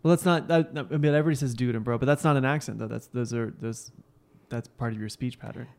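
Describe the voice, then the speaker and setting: A man's voice: mid-range voice, fast talker, a little mellow. Young man, from California, podcast host, casual banter, teasing, playfully smug.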